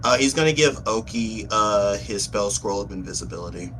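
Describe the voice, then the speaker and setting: A man's voice: lowish voice, expressive, moderate pace, pushed and bright, a little hiss or hum. A man playing a tabletop game who halts and thinks aloud with many fillers. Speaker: player. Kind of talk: tabletop role-play chat.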